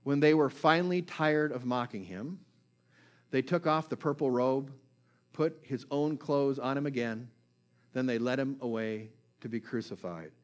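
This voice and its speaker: A man's voice: medium pitch, measured pace. A man preaching a sermon in a conversational way, checking in with listeners and retelling scripture stories with feeling.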